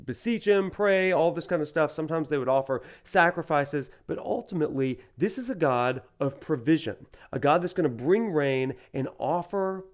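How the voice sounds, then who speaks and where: A man's voice: on the high side, normal speed, few pauses. Southern US male professor lecturing over gameplay. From Alabama, USA. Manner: animated, rambling and full of fillers. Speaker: university professor.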